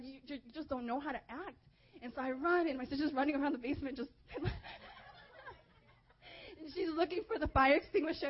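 A young woman preaching a sermon, telling a personal story in a lively, chatty way with lots of "like"s. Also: sits high. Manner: lively, chatty, many filler "like"s. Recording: dull lo-fi recording.

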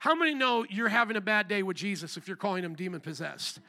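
High, bright-voiced preaching man. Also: expressive. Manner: preaching with call-and-response prompts to the congregation; reads scripture aloud, slowing and rising in pitch for quoted lines. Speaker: pastor. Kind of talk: sermon. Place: church service.

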